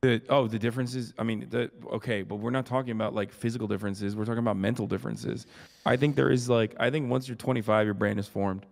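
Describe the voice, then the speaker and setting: A man's voice: fairly low pitch, steady tone, fast talker, gravelly. A man streaming live, chatting casually and crudely while tired and sick with covid. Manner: crude, swears a lot, jokey. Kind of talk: casual chat.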